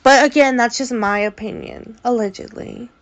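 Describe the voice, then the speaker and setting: A woman's voice: a little high, moderate pace. A woman vlogger giving opinionated commentary, sassy and exasperated, speaking straight at the person she criticizes. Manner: sassy, exasperated, addresses her subject directly.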